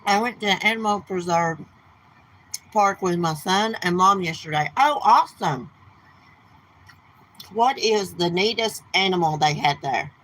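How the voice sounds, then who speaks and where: A woman's voice: medium pitch, expressive, a little slow, pauses often, a bit bright, poor audio. A middle-aged woman, chatting bluntly and gossiping on a casual live stream outdoors. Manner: blunt, gossipy, cussing, Southern turns of speech. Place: outdoors near her home.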